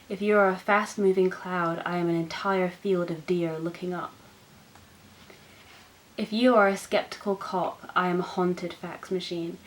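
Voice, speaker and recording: A young woman hosting a book channel, reading poems aloud in an expressive, self-mocking way. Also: fairly low pitch, poor audio. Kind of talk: poetry reading.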